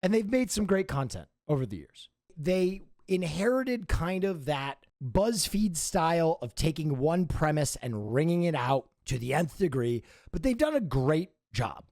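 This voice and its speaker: Profane, animated male streamer rant. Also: fairly high pitch, measured pace, dry recording, clean studio sound. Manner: profane, emphatic, conversational. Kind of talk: commentary rant to camera.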